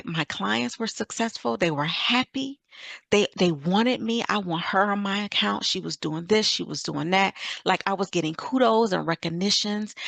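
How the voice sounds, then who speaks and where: A woman's voice: lowish voice, gravelly, a bit bright, no room sound. A middle-aged woman from Michigan telling an earnest, faith-filled story of her career as a summit speaker. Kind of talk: personal testimony talk.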